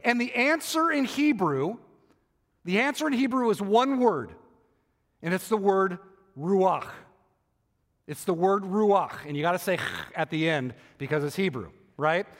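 High-voiced preacher man in a reverberant hall. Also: expressive, moderate pace, fairly bright tone. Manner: repeats and rephrases for emphasis, asks rhetorical questions. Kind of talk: sermon.

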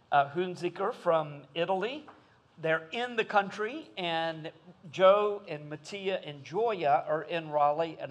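A man giving a folksy, conversational sermon as the church's pastor. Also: fairly high pitch.

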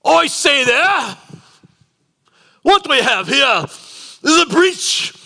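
A man's voice: very high voice, big pitch swings, extremely slow, vocal fry, voice pushed up, heavily acted. A man putting on a pompous British Pharisee. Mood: haughty. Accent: put-on British. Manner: loud and haughty.

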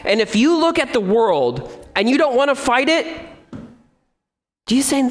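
A man preaching a sermon as pastor, animated and acting out the voices of complaining people. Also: very high-pitched, moderate pace.

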